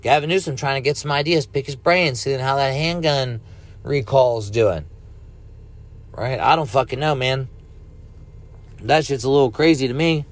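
A man in his thirties from the United States talks alone on his podcast, drifting casually from topic to topic and swearing openly, all very relaxed. His mid-range voice moves at a normal speed with long pauses.

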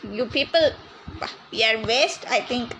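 A woman's voice: fairly high pitch, a little slow, pushed and bright, a little hiss or hum, rough recording. A woman playing a bossy scolding grandma. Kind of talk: amateur comedy cooking skit.

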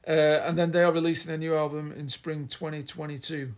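A man's voice: fairly high pitch, level tone, a little fast, slight background noise. A man with a Yorkshire accent co-hosting a podcast, chatting casually in a rambling, teasing way. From Yorkshire, England. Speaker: podcast co-host. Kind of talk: casual chat.

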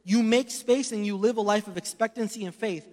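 A man preaching a sermon, telling stories and swinging between loud emphasis and hushed asides. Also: high-pitched, a little fast. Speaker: pastor. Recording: long hall reverb.

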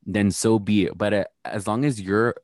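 A man's voice: fairly low pitch, steady tone, normal speed, darkish tone, dry recording, clean studio sound. Sassy chatty man recapping reality TV. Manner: chatty, sassy, swears freely, acts out quotes. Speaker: podcast co-host. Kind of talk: casual reality TV recap chat.

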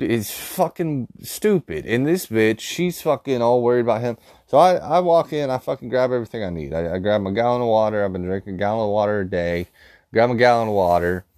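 A man's voice: medium pitch, a little mellow, no room sound, studio quality. A man telling a story as an angry, blunt rant full of swearing. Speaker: vlogger.

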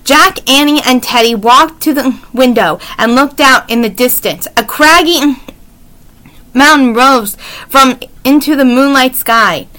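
A woman's voice: high-pitched, measured pace, pushed and bright. A young woman hosting her own channel and reading a children's chapter book aloud in a friendly, upbeat way. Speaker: channel host and storybook reader.

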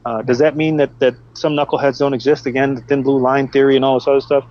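A middle-aged man and former police officer, chatting on a podcast and telling animated stories about the job. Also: fast talker, no echo. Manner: animated storytelling, acts out quotes in a high voice. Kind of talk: casual podcast chat. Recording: dull, dry podcast audio.

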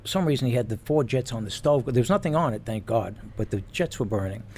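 A man and former police officer telling stories in casual chat, animated and laughing as he goes. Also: medium pitch, fast. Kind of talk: casual storytelling.

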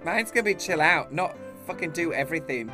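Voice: medium pitch, lively intonation, brisk. Blunt, wry voice over music. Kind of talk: casual podcast chat.

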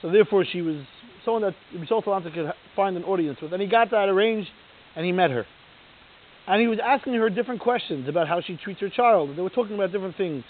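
Man with a high voice giving a torah sermon, tells a story then hammers rhetorical questions, sounds tinny like a phone. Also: fast, a little hiss or hum. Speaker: Torah lecturer.

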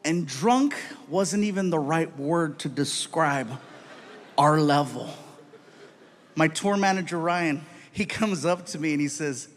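A man performing stand-up comedy, telling a story with an animated, punchy delivery. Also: on the high side, moderate pace, slight background noise.

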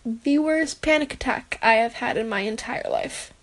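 A young woman with a slightly high voice talks into her phone, recording a personal audio diary. She sounds emotional and halting, sighing and breaking off mid-sentence as she tells her story. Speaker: podcaster.

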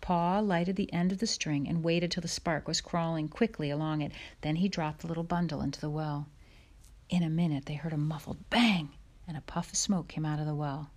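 A woman reads a chapter book aloud in a measured, soft storytelling voice. Her pitch sits a little low for a woman. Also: fairly even intonation. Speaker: audiobook narrator. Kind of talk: audiobook reading.

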